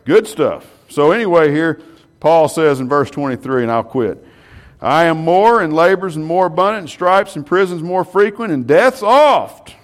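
A man preaches to a small Bible class. His voice sits a bit high for a man and swings widely in pitch. He keeps throwing rhetorical questions at his listeners. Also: expressive, normal speed.

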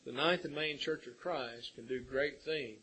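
A man's voice: medium pitch, measured pace, bright, forceful tone, breathy edge, rough recording. A man preaching a sermon, earnest and building to emphatic peaks.

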